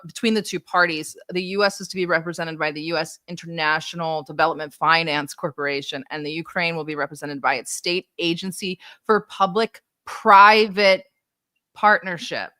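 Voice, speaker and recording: A woman's voice: on the low side, fairly even intonation, moderate pace, sharp tone, no echo, studio quality. A woman hosting a political livestream, explaining a deal in a wry, casual way and laughing at her own remarks. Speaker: livestream news host.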